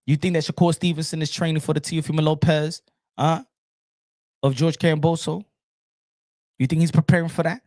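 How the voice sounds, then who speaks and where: A man hosting a boxing talk show, ranting fast and loud in a sing-song way, then dropping to a hushed mock-calm. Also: on the high side, no room sound, studio quality.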